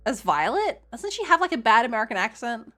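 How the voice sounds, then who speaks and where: A woman's voice: on the high side, very animated, fairly quick, fairly bright tone. A woman streamer chatting and reacting live, with giggly, rambling banter. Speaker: streamer host.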